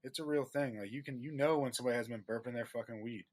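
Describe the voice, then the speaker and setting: A man's voice: mid-range voice, fast talker. A man co-hosting a casual podcast, talking earnestly and rambling with lots of "like" and "you know.". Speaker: podcast co-host. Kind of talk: casual stoner chat.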